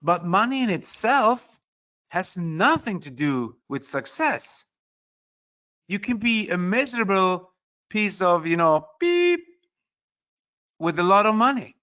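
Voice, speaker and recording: A man's voice: sits high, animated, unhurried, bright, forceful tone, lo-fi sound. A man giving a casual motivational talk, earnest and emphatic, often slipping in "you know" asides. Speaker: motivational speaker.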